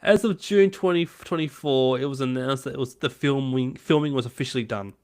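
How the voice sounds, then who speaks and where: A man co-hosting a casual podcast with a friend. He speaks at a middling pitch in an easygoing, offhand way. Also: a little fast. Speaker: podcast co-host. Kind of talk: casual chat.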